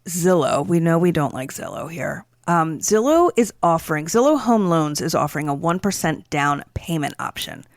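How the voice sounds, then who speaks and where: A woman's voice: low voice, animated, normal speed, few pauses, dry recording, studio quality. A woman from the area co-hosting a podcast, chatting casually and agreeably. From Philadelphia area. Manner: agreeable, chatty, laughs along. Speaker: podcast co-host. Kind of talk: casual chat.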